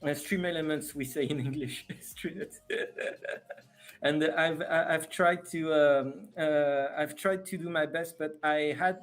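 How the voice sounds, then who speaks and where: Male streamer, French accent, slightly raised voice, chatty and unsure of himself, soft music in the background. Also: fairly high pitch, fairly even intonation, takes it slowly. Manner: chatty, hesitant, self-deprecating, laughs often. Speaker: live streamer. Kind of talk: casual live stream chat.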